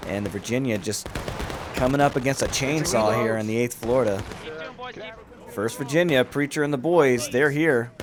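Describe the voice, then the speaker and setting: A man hosting and commentating a large online battle game with lively, amused play-by-play. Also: mid-range voice, moderate pace. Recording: commentary over loud battle crowd noise. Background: crowd and gunfire of a large online battle.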